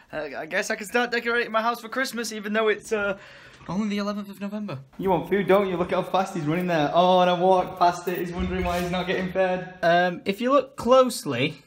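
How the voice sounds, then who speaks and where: A young man with an English accent, chatting casually in a vlog, excitable, swearing freely and talking to his pets. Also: high-pitched. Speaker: vlogger.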